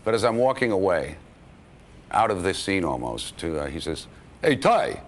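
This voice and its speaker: A man's voice: low voice, moderate pace, a little hiss or hum. A man recounting an anecdote from a film shoot in an interview. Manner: storytelling, animated. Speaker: actor interviewee.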